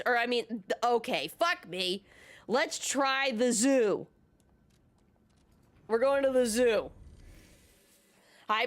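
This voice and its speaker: Brief: animated woman from California, casual gameplay storyteller with a lively pitch. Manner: casual, animated, swears and laughs. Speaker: gaming YouTuber.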